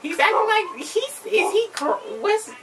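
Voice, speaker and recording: Lively woman chatting about a TV show. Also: unhurried. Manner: excited, jumpy pitch, adds reactions and side comments. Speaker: TV episode recapper. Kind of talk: casual chat. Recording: distant mic with clear background noise.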